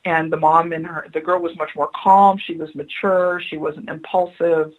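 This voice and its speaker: A woman's voice: low voice, fairly even intonation, moderate pace, narrow, tinny audio. A woman being interviewed on radio as a spiritual adviser, telling stories earnestly and repeating her key phrases for emphasis. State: choked up.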